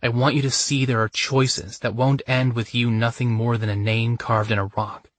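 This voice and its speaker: A man's voice: mid-range voice, level tone, moderate pace, no room sound, close to an everyday voice. A man voicing a frightened, bitter young woman in a romance audiobook, speaking with pleading emotion. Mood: soft, tender. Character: young woman, frightened then tender lover.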